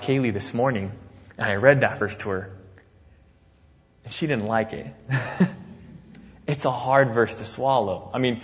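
Animated preacher man in an echoey hall. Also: mid-range voice, muffled recording. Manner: animated, acts out the apostle's words with sudden loud jumps; laughs easily, conversational preaching. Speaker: pastor. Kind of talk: sermon.

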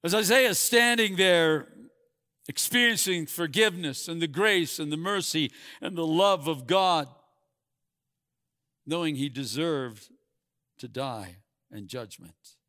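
A man preaching with a bright, forceful voice that drops to a hush and then climbs to loud, emphatic peaks. The sound is close and dry, with no room around it. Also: a little high, takes it slowly, no echo. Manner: dynamic, swings from hushed to loud and emphatic. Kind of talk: sermon.

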